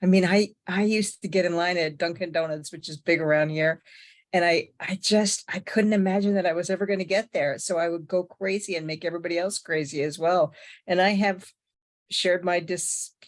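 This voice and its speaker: A woman's voice: on the low side, steady tone, moderate pace. An older woman, ill with pneumonia, giving a rambling, candid, self-deprecating personal share at a recovery meeting. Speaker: meeting member sharing.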